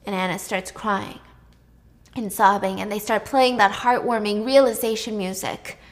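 A woman casually retelling a drama's plot, chatty and lively, raising her voice when she acts out the characters' lines. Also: moderate pace. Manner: chatty, acts out dialogue with raised pitch. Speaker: drama recap narrator. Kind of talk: casual storytelling recap.

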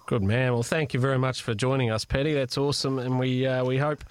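A man's voice: medium pitch, little pitch movement, fairly quick, clear, resonant tone, dry recording. A man hosting a breakfast sports radio show, chatting jovially with callers and co-hosts. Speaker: radio host.

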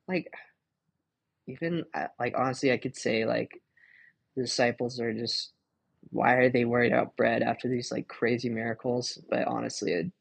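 A young man hosts a casual devotional podcast, his mid-pitched voice gravelly and a little husky. He chats loosely, peppering his talk with "like" and "um" as he reads and explains scripture. The sound is close and dry, with no room around it. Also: fairly even intonation, normal speed, no room sound. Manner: chatty, laughing, full of fillers like "like" and "um". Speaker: podcast host.

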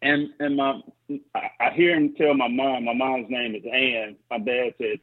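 A man's voice: medium pitch, fairly even intonation, a little slow. A man in his forties telling a story in a rambling, emotional way, with many restarts and laughs. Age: 40s. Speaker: podcast guest. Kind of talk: casual storytelling chat. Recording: tinny phone-line audio.

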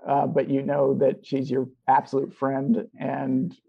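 Gravelly man rambling in casual chat. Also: mid-range voice, completely flat delivery, a little slow, muffled recording. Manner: rambling, many fillers and restarts. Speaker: filmmaker guest.

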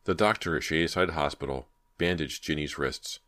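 A man reading a horror audiobook in a steady, measured way. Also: a bass voice. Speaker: audiobook narrator. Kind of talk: scripted horror narration.

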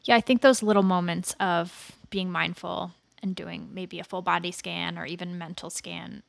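A woman hosting an interview and asking calm, measured questions. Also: lowish voice, creaky, no room sound. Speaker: host. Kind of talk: interview host.

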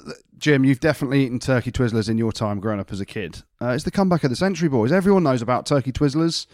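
A man's voice: mid-range voice, racing, a little mellow, no echo, studio quality. A man co-hosting a podcast in casual chat, telling cheeky anecdotes with animation. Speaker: podcast co-host.

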